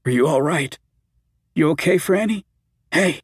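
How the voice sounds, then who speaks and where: A man voicing a frightened young man who softly comforts a woman in an audiobook. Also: fairly high pitch, lively intonation, unhurried, slightly rough, no echo, clean studio sound, voice pushed up. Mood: anxious. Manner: soft, anxious, soothing.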